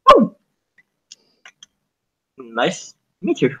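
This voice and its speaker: A woman voicing an awkward, shy young man who talks in halting, hesitant bursts. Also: on the low side, huge pitch swings, breathy edge, heavily acted. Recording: dull lo-fi sound.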